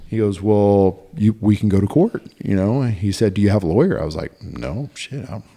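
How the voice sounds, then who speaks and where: A man telling a long personal story in casual podcast chat, halting and animated, with frequent fillers and restarts. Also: on the low side, gravelly. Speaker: podcast guest.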